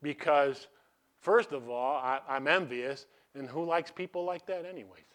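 A middle-aged pastor delivers a sermon at a moderate pace, his voice on the high side. He poses questions to the congregation and waits for their answers in call-and-response fashion, alternating between loud, emphatic bursts and quiet asides.

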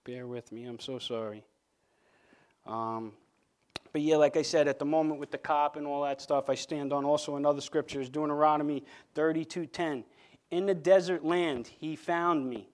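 A man tells his own faith testimony in an earnest, halting way. His voice sits a little high for a man, and he often restarts and repeats words as he goes. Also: fairly even intonation. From Long Island, New York. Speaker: speaker giving a testimony.

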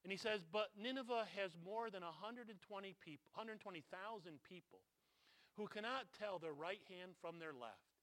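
A man preaching a sermon, asking his congregation questions, his voice rising loud and dropping low. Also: normal speed. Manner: swings from loud to hushed, asks the congregation. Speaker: pastor.

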